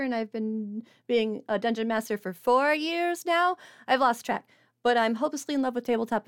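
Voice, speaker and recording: Woman, game master, tabletop stream host, chatty, stumbling, fairly high voice. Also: clean tone. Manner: chatty, stumbling over words. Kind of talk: tabletop stream intro and announcements.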